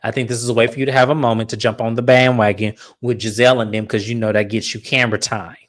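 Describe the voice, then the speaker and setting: A woman's voice: extremely low pitch, level tone, fast talker. A woman recapping a reality show in casual commentary, blunt and opinionated, swearing freely.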